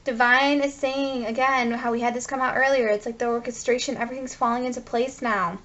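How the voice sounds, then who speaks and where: A woman with a fairly high voice gives a tarot reading to her viewers. She gushes over each card and talks to them directly. The sound is a little dull and lo-fi. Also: fairly even intonation, brisk, fairly bright tone. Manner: effusive, gushing, talks straight to viewers. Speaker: tarot reader.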